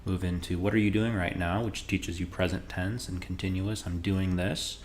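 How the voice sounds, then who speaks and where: Man, very deep voice, relaxed teacher, casual lesson, slow modeled phrases, faint typing behind. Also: a little hiss or hum. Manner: relaxed and conversational, models Spanish phrases slowly. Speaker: Spanish teacher.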